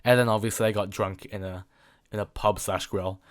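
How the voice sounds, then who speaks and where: Rambling young man with a low voice. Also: steady tone, brisk. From England. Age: late teens. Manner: rambling, repeats words, many fillers. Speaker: podcast host. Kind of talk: solo rambling chat.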